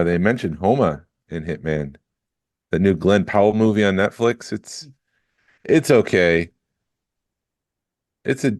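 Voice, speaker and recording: Very deep-voiced podcast co-host. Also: male voice, darkish tone, no echo, studio quality. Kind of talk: casual chat.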